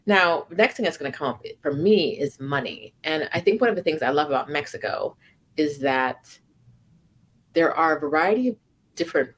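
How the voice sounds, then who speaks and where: A woman co-hosting a casual chat, telling animated stories peppered with "like" and "right?". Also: deep voice, moderate pace. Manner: animated storytelling with lots of "like" and "right?". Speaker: co-host. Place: home in Mexico City.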